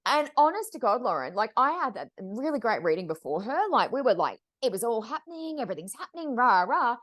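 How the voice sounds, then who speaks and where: Her pitch fairly high and her pace fairly quick, a woman who works as a psychic medium spins lively tales on a podcast, performing each character's voice with plenty of expression.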